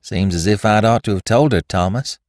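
A man's voice: on the low side, very animated, slow, vocal fry, dry recording, clean studio sound, pitched above the performer's own voice, exaggerated voice. A man voicing a timid, anxious rural wife who answers in a faltering, trembling voice. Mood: fearful.

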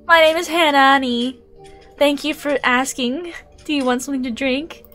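A woman voicing a chirpy, petulant young café worker in a game, bubbly and loud. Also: high voice, steady tone, moderate pace, faint music behind.

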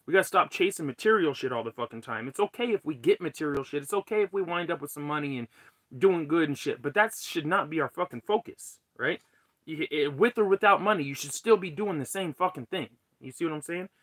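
A man's voice: on the high side, expressive, brisk, a bit bright, no echo. A man live-streaming an angry, profane rant from his tent as a cannabis vlogger. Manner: heated, profane, ranting. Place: tent under a carport.

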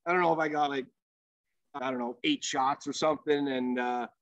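A man's voice: medium pitch, steady tone, moderate pace, fairly bright tone, dry recording, soft background music. A man who is a former hockey goalie, telling a casual, rambling story as a podcast guest and swearing freely. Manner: profane, rambling storyteller with many fillers. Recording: dull lo-fi podcast audio.

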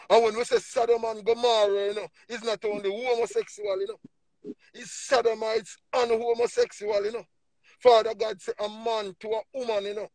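A man with a Jamaican accent preaching emphatically on a livestream, swinging between low murmurs and loud bursts. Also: dry recording. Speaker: livestream speaker.

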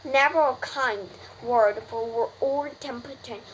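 A woman's voice: fairly high pitch, slow pace, heavy background noise. A woman with a Korean first language voicing a lazy, sarcastic male rat who grumbles and complains. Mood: sarcastic grumbling.

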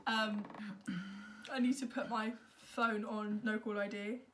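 A woman's voice: mid-range voice, level tone, takes it slowly, a bit bright, a little hiss or hum. A young woman hosting a casual vlog at home, giggling often and swearing casually. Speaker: vlog host. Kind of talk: casual chat.

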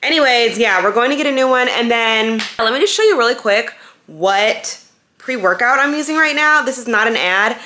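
This young woman's voice is fairly high and sharp, with lively intonation. She vlogs her day on a handheld camera, chatty and upbeat with quick asides, first at home and later in the car and a store.

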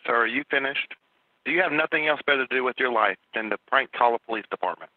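A man's voice: medium pitch, fast. A man working as a police dispatcher, curt and exasperated with the caller. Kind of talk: phone call. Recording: tinny phone line.

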